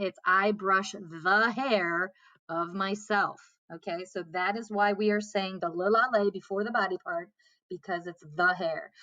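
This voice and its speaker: A woman's voice: mid-range voice, a bit bright, no room sound. Patient woman teaching French grammar. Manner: patient, repeats and spells out points, frequent "okay?" checks. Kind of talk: classroom lesson.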